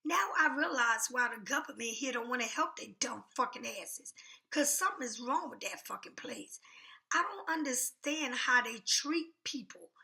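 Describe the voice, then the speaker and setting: High, gravelly-voiced woman ranting. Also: lively intonation, moderate pace, bright, forceful tone. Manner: angry, blunt, heavy swearing. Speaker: vlogger. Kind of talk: profane storytelling rant.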